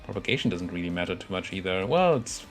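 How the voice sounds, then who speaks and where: A man's voice: sits low, lively intonation, fast, faint music behind. A young man casually commentating his own strategy game, thinking aloud and muttering at the units on screen. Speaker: gameplay commentator.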